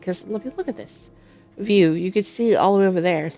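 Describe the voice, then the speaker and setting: A woman's voice: medium pitch, normal speed, mellow, soft background music. A woman hosting her gaming channel, casually talking through a game build with lots of ums and restarts. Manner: rambling with frequent ums. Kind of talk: casual gameplay commentary.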